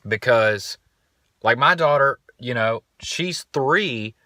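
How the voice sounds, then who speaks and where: A man's voice: medium pitch, animated, slow pace, sharp tone, dry recording, clean studio sound. A young man hosting a podcast, telling stories in a laid-back, rambling way and swearing casually. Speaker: podcast host. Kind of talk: casual storytelling monologue.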